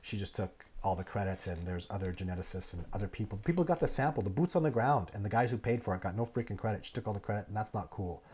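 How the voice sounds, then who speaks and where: A man hosting a casual live Q&A stream, telling long, digressive stories with many restarts. He swings between animated bursts and low, muttered asides. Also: fast, husky. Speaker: livestream host answering viewer questions.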